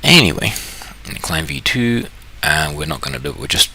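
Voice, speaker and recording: A man's voice: medium pitch, big pitch swings, normal speed, vocal fry, sharp tone, slight background noise. A man from New Zealand casually walking through his screen, thinking aloud, correcting himself and joking as he goes. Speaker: trading channel host. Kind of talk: casual screen-share walkthrough.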